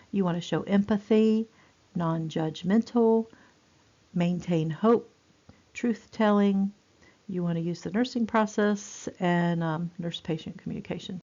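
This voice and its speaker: A woman gives a nursing lecture, talking casually and circling back with fillers. Her voice sits low with a gravelly edge. The recording sounds dull and lo-fi. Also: darkish tone. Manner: chatty, repeats herself, many fillers. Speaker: nursing instructor.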